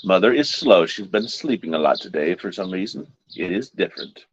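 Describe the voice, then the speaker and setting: A man hosting an online Bible study, chatting slowly and casually between hymns from home. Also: deep voice, lively intonation, a little hiss or hum. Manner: slow, chatty, drawn-out speech. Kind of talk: casual live-stream chat and hymn singing. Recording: dull lo-fi stream audio.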